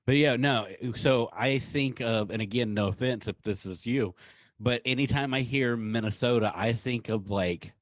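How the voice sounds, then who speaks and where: A man's voice: mid-range voice, moderate pace, dry recording. A man hosting a podcast who chats casually and tells stories in a rambling way, laughing as he goes. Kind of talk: casual chat.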